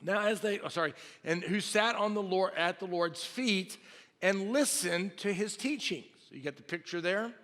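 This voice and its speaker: A man's voice: high voice, moderate pace, fairly bright tone. A man, preaching a sermon and acting out the people in his story. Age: 50s. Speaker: pastor. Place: large church hall. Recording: long hall reverb from a church sanctuary.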